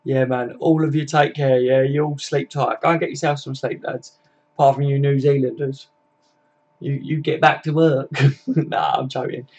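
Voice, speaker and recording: A man's voice: medium pitch, fairly even intonation, normal speed, darkish tone, lo-fi sound. A tired young man chatting casually and swearing freely as he wraps up a football live stream.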